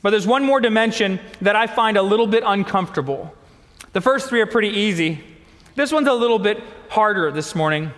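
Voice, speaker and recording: A male pastor preaches a sermon, stacking phrase on phrase with emphatic repetition. His voice sits high for a man, and it carries through a long church-hall reverb. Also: animated, fairly quick, fairly bright tone. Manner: emphatic, repetitive build-ups. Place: church sanctuary.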